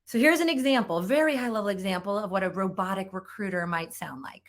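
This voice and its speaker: A woman's voice: mid-range voice, fast talker, few pauses. A middle-aged woman giving an upbeat, emphatic conference talk on sales writing as a trainer, repeating points for effect.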